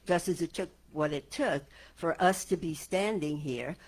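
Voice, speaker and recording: A woman minister speaking to her congregation in a calm, earnest and reflective way. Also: deep voice, a little slow. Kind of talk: reflective sermon talk. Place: church sanctuary before a congregation.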